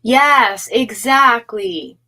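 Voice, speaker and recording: A woman's voice: fairly high pitch, drawn-out words, sharp tone, poor audio. A woman doing a casual live-stream tarot reading, chatty and gushing with lots of fillers. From United States. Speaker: tarot reader.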